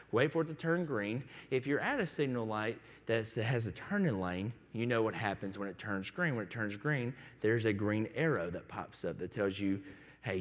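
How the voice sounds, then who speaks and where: A man preaching a sermon as a pastor, telling stories in a conversational way and acting out the voices of the people in them. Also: lowish voice. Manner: conversational storytelling with quoted voices. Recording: long hall reverb.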